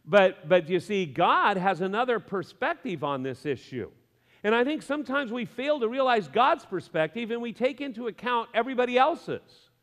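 A male pastor preaching a sermon in a lively, conversational way, with humor and asides to the congregation. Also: sits high, normal speed, big-room sound.

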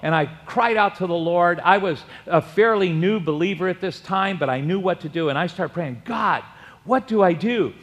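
A middle-aged pastor with a high voice preaches, telling a story from his own life. He builds to loud, emphatic exclamations at the big moments. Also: moderate pace. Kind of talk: sermon.

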